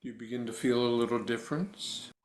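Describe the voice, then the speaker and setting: A man working as a voice coach, guiding a breathing exercise with slow, deliberate, instructive cues and then answering interview questions. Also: medium pitch, steady tone, a little mellow, reverberant.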